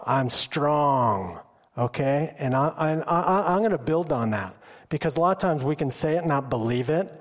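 A middle-aged man preaches in a high, lively voice that keeps leaping up whenever he acts out what someone said. His delivery is loose and full of stories. His voice rings with the long reverb of a church hall. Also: a little fast. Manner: animated, acts out quotes with high excited pitch. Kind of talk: informal sermon with storytelling.

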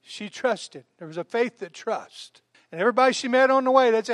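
A man preaching a sermon in an animated, folksy way, hammering points through repetition. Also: very high-pitched, fairly quick, dry recording, studio quality. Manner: folksy, calls listeners honey. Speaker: pastor.

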